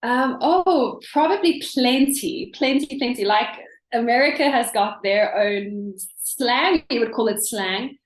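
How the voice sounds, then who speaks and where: Woman, South African accent, animated, thinks aloud, roomy echo. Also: a little high, a little slow, few pauses. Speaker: English teacher, guest. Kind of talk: casual interview chat. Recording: echoey room.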